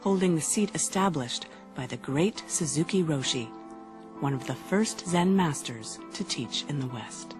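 A documentary narrator reads a prepared script in a smooth, even way. The voice sits in a middle range. Quiet music runs underneath. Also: medium pitch, measured pace.

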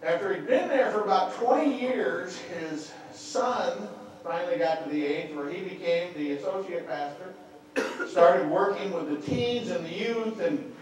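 High-voiced preacher in an echoey hall. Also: male voice, a little slow, far from the mic, a crowd in the background. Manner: storytelling, repeats words at restarts. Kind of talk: sermon. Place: church sanctuary. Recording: echoey church hall, mic from afar.

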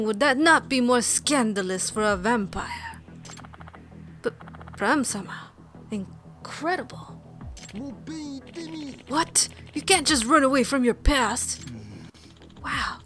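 A let's play streamer with a slightly high voice gives gaming commentary, reading the game's dialogue and text aloud and voicing the characters herself. She speaks slowly with long pauses, adding playful asides and quiet mutters between lines, while soft game music plays underneath.

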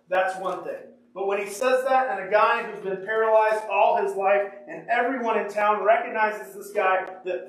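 A man preaches with a notably high voice, reading scripture aloud and repeating key lines for emphasis. The mic sits well back from him, so his voice rings through a very reverberant church room. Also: a bit bright. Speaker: pastor. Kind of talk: sermon. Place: church sanctuary. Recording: echoey room, mic far off.

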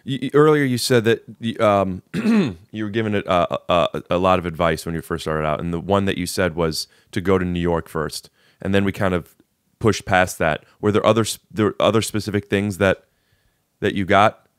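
Low-voiced man hosting, halting questions. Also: smooth, no echo, clean studio sound. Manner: halting, restarts his questions often. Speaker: podcast host. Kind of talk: interviewing a guest. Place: podcast studio.

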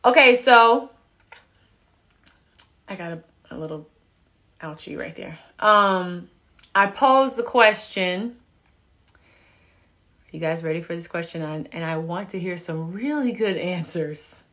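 A woman in her thirties hosting a casual live stream from home on a phone, chatting with viewers and reading out their comments in a relaxed, chatty way. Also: lowish voice, slow pace, pauses often. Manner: relaxed, chatty, laughing asides. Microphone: phone camera.

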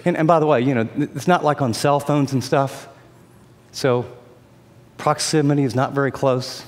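A man preaching a sermon as an animated storyteller who acts out the voices of the people in his story. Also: mid-range voice, normal speed, big-room sound.

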